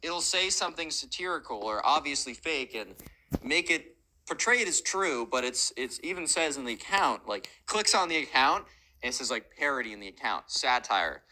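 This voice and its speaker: A storytelling narrator voicing a calm, easygoing male teacher who hedges his words with lots of "like". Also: medium pitch, normal speed, a little hiss or hum, poor audio. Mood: patient. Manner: relaxed, hedging, lots of "like".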